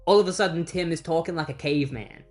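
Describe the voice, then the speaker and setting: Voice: medium pitch, fast talker, a little mellow, faint music behind. A comic book reviewer giving a casual recap with snarky, wry asides.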